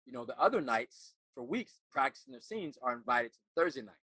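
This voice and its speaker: A middle-aged man's voice, bright and forceful, recorded dry and close. He is an actor turned life coach, telling a personal story earnestly. He stops and repeats words as he remembers. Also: medium pitch, sing-song, slightly rough, no room sound. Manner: earnest, halting, repeats words while recalling.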